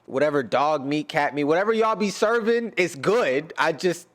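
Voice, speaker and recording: An American man with a slightly raised pitch rambles through casual reaction commentary. He jokes, trails off and restarts often, leaning on fillers as he thinks aloud. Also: animated, moderate pace, a bit bright. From United States. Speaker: reaction YouTuber and rapper.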